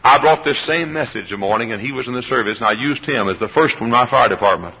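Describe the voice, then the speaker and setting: A man's voice: mid-range voice, fast, lo-fi sound, slight background noise. A man preaching a sermon to a church congregation, directing members by name and calling for responses. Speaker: pastor. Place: church service.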